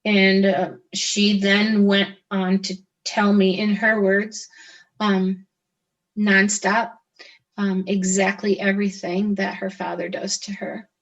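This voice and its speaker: A middle-aged woman telling her own story as an interview guest, halting, with frequent restarts and pauses. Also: medium pitch, level tone, muffled recording. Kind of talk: personal testimony in conversation.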